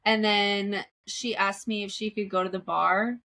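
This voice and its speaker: A woman's voice: mid-range voice, fairly even intonation, a little slow, gravelly, pushed and bright. A young woman guest on a podcast, candidly telling a story about a relationship, with many "like" fillers and laughs mixed in.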